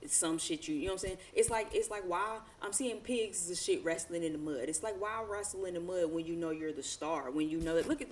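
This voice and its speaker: A woman with a low voice gives a loose, slangy tarot reading, full of profanity and rambling asides. She laughs often as she goes. A faint hiss of noise sits behind her. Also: brisk. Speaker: tarot reader.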